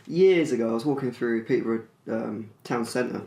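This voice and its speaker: A man, co-hosting a podcast, telling a story in animated casual chat and swearing freely. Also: medium pitch, moderate pace. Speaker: podcast co-host. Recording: echoey room.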